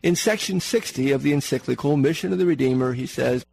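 Gravelly-voiced preacher giving a sermon. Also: male voice, medium pitch, fast, a little mellow, rough recording. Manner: earnest, repeats words for emphasis, asks the congregation questions.

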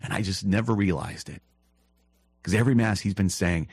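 A man hosting a teaching podcast, reading catechism passages and explaining them in an earnest, animated way with quick asides. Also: low-pitched, breathy edge, no echo. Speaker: priest podcast host.

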